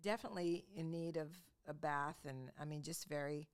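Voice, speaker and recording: Middle-aged woman co-host, low-pitched, rambling chatty storyteller who pokes fun at herself. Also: brisk, smooth. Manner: chatty storyteller, self-mocking, laughs often. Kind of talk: casual chat.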